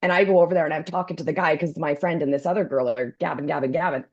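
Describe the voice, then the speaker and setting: A woman co-hosting a podcast, telling an animated story in a slightly low voice. She jumps into quick impressions of the people she talks about. Her audio sounds a bit dull and lo-fi. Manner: acts out voices in her anecdotes, keeps clearing her throat. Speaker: podcast co-host.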